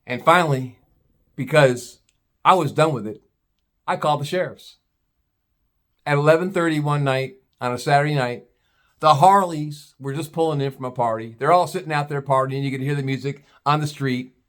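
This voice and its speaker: A man with a fairly high voice tells a story at a moderate pace as a vlogger's ranting monologue. He is blunt and scornful, swears freely, and imitates other people in put-on voices.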